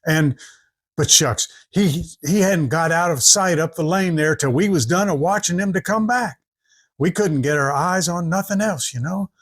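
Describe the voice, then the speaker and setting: A man spins a homespun tale. His voice sits high, and he slips into the voices of the people in his story as he goes. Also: normal speed. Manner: drawling rural dialect, acting out each character. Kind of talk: folksy spoken storytelling.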